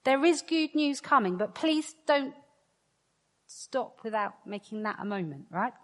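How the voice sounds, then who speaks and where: A woman preaches to a congregation in a hall with a long, ringing reverb. She banters playfully with the people in front of her. Then she slows to a deliberate, emphatic pace and lets the key words hang. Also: on the high side, lively intonation. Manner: playful and joking with the crowd, then slow and emphatic. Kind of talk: interactive sermon to a congregation.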